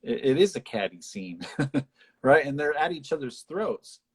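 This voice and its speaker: Husky man chatting casually about a film. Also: unhurried. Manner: animated retelling, acts out lines in high voices. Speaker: podcast co-host.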